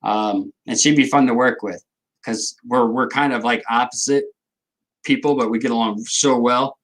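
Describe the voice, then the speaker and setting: A middle-aged man with a drawl hosts a casual livestream, his voice sitting at an ordinary middle pitch. He rambles, jokes and replies to viewers' comments as they come in. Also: steady tone, normal speed, rough recording. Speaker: livestream host.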